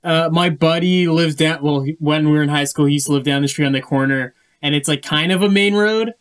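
Rambling young man, slightly high voice. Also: a little fast. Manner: rambling, self-correcting storyteller. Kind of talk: casual chat.

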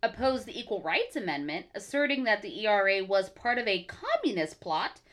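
Animated woman podcast host. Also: medium pitch, moderate pace. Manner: lively, swears, reads quotes aloud. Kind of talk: casual podcast chat.

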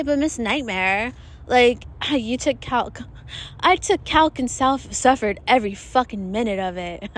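A young woman hosting her own podcast, talking casually and profanely with frequent laughs, recording outdoors in the desert while planes fly overhead. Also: fairly high pitch. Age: young adult. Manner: chatty, profane, self-mocking, often laughing. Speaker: podcast host. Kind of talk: casual solo podcast monologue. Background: passing airplanes.

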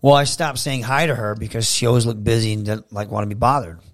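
A man from Michigan, a professional wrestler guesting on a podcast, telling animated stories in casual chat and acting out the dialogue. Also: mid-range voice, quick pace. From Michigan, USA. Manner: animated storyteller, acts out quoted dialogue.

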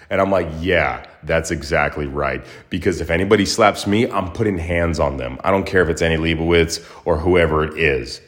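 A man's voice: low-pitched, fairly quick, hardly any pauses. A man hosting a podcast, telling a story in a casual, rambling monologue full of fillers, and livening up as he retells the action. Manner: rambling, filler-heavy, animated when retelling. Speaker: podcast host.

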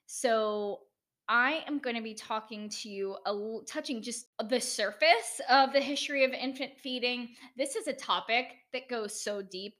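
A woman's voice: fairly high pitch, normal speed, a bit bright. An American woman hosting a solo educational podcast, chatty and enthusiastic, with self-deprecating asides. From United States. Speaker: podcast host.

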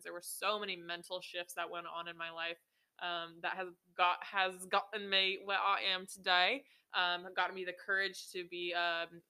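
Bright, clear-voiced young woman podcaster. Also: on the low side. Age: 20s. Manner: casual, swears often, many ums and likes. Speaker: podcast host. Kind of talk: casual personal storytelling.

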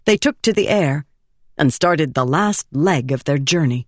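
A woman reading a fantasy audiobook in measured, expressive narration. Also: low voice, no room sound.

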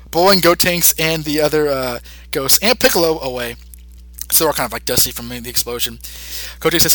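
A man's voice: a little high, no echo, rough recording. A man co-hosting a podcast, recapping an episode in casual chat and jumping into put-on voices for the characters. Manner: animated, acts out character lines in quick put-on voices. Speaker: podcast co-host.

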